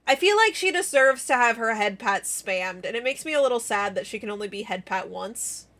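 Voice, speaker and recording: A woman's voice: a little high, lively intonation, a little fast, a bit bright. A young woman live-streaming in casual chat, giggly and playful, bursting into squeals and laughter.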